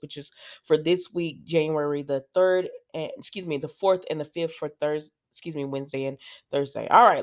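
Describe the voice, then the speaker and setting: A woman hosting a casual soap opera recap, chatting through the episodes with asides to her viewers. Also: low voice.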